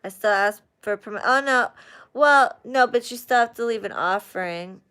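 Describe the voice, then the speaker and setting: A woman hosting a casual live chat with viewers, ranting in an animated, heavily profane way. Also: fairly high pitch, moderate pace, clean tone. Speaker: live stream host chatting with viewers.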